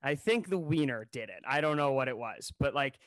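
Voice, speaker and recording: A man co-hosting a podcast, telling a funny story in a casual, animated way and acting out what people said. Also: mid-range voice, brisk, no echo. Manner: animated, jokey storyteller who acts out quotes. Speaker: podcast co-host. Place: New York City.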